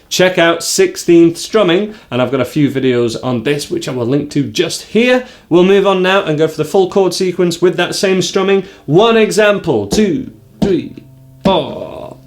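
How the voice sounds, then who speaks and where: A man teaching a guitar lesson, explaining strumming and counting the beats out loud. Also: a little high, normal speed, few pauses. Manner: counts and calls out strums aloud. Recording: guitar playing behind.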